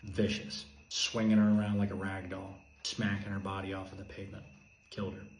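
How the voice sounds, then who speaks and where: A man telling a personal story in an intense, repetitive way, moving from urgent emphasis to a hushed voice. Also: sits low, level tone, brisk. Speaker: video host. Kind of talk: emotional personal monologue. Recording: echoey room with faint ambient noise.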